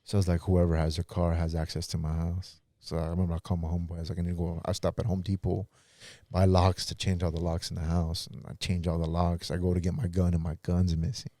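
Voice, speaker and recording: Man, very low voice, dry close sound, earnest casual storytelling, quotes others. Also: monotone, fast, mellow, no echo. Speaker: pastor and podcast guest. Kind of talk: personal storytelling in an interview.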